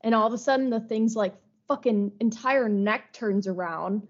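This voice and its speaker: A young woman co-hosting a podcast, retelling stories lively in casual chat, sometimes rushing ahead. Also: on the high side. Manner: lively retelling, bursts of speed. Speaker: podcast co-host. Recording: slightly dull lo-fi podcast audio.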